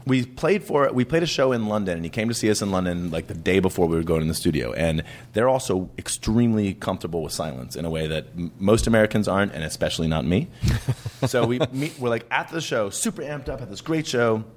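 A man chatting casually, telling animated stories with frequent stammers and restarts. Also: on the low side, quick pace. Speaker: band member guest. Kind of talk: casual chat.

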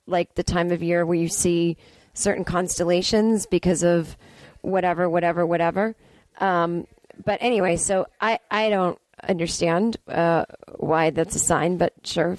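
A woman's voice: lowish voice, dry recording. Sarcastic chatty woman podcaster. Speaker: podcast host. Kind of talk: movie recap commentary. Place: family home.

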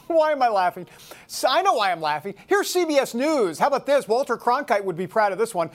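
A woman's voice: on the high side, sing-song, a little fast. A woman hosting a talk radio show, reading headlines aloud with mocking sarcasm.

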